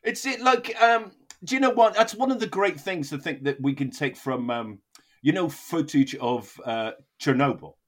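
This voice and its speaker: A man's voice: on the high side, moderate pace. A man hosting a comedy podcast, talking in a sweary, mock-outraged joking way. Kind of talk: casual comedic chat.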